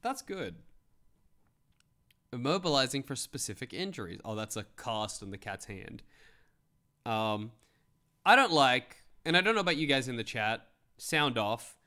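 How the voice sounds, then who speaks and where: A man's voice: mid-range voice, unhurried, long pauses. A young man streaming, joking and swearing as he reads web articles aloud. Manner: joking, animated, swears freely. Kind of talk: casual commentary reading web articles.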